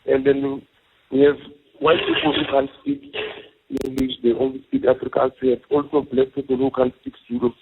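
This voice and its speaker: A South African man calling in to a radio show, speaking haltingly with many hesitations. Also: medium pitch, big pitch swings, creaky, slight background noise. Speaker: caller. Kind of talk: casual radio call-in chat. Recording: tinny phone line.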